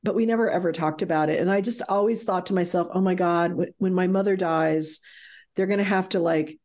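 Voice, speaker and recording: A woman's voice: lowish voice, fairly quick, darkish tone. A middle-aged woman telling a frank, emotional personal story as an interview guest, swearing freely.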